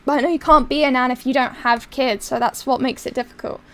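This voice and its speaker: A woman's voice: sits high, brisk, a little hiss or hum. A young woman streamer with a put-on British accent, chatting casually, crude and rambling as she reads viewer messages. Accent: put-on basic British accent.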